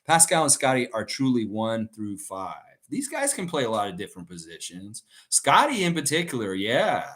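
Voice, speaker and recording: A man's voice: medium pitch, wildly swooping pitch, normal speed, a bit bright. A middle-aged man hosting a casual live stream. He rambles, reads out viewer comments and tells stories with frequent laughs.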